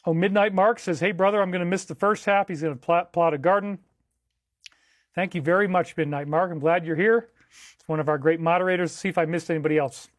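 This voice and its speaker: A man's voice: a little high, a little fast, no echo. Man, livestream host, casual rambling chat, dry close sound. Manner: relaxed, rambling, thanks viewers.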